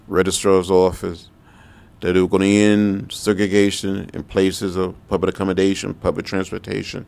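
An older man speaks in a low, gravelly voice. He tells his story slowly and deliberately, circling back through repeated phrases. He answers as a congressman in an oral history interview.

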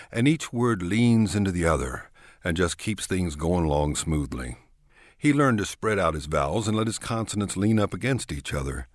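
Low-voiced Texan man, dry studio sound. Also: no echo. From Texas. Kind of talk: scripted spoken essay.

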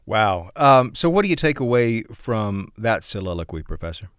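A man's voice: on the low side, big pitch swings, normal speed, clear, resonant tone, no room sound, studio quality. A man hosting a radio show, introducing a segment and interviewing a guest in a conversational way.

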